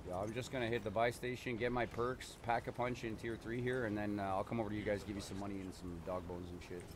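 A man's voice: lowish voice, steady tone, fast talker. A Canadian man with a Canadian accent giving profane, jokey commentary while playing a game. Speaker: gaming streamer. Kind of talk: casual gameplay commentary. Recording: noisy game audio behind.

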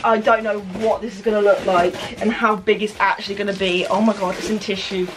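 A young woman filming an unboxing vlog, excitable and gushing, breaking into squeals and laughter. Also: medium pitch, fairly quick, noisy background. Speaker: YouTuber.

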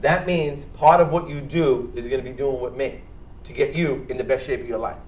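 A man's voice: mid-range voice, a little fast, darkish tone, a little hiss or hum. A man with a Bronx accent leading a church health workshop, talking bluntly and joking with his audience. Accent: Bronx New York. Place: church hall, speaking to a live audience. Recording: echoey hall, distant and dull.

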